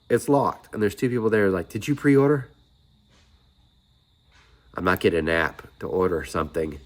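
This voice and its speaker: A middle-aged man, talking casually to camera in a rambling, chatty way with lots of asides. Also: lowish voice. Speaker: vlogger. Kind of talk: casual chat.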